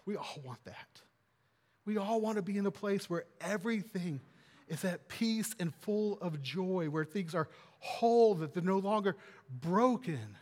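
A man preaching as a pastor, his voice a touch higher than most men's. He talks in an earnest, conversational way, repeating phrases and lifting his voice to stress a point, and a long reverb trails each phrase. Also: expressive, unhurried, darkish tone. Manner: earnest and conversational, with repetition and emphatic rises. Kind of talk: sermon.

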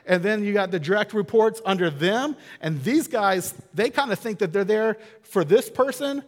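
Male pastor, high voice, chatty and animated sermon delivery, booming hall reverb. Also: normal speed. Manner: conversational, animated, acts out quotes.

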